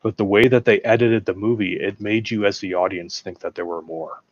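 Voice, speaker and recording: Male guest, lowish voice, animated, acts out film lines, dull lo-fi dry mic. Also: a little fast. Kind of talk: casual chat about films.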